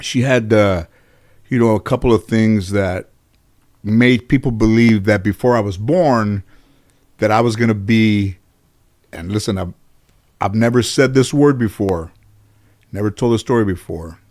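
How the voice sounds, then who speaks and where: A man from Los Angeles telling stories from his childhood as a guest, animated and casual, swearing freely and restarting his sentences often. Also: lowish voice, unhurried, pauses often. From Los Angeles, USA. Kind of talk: casual storytelling in a conversation.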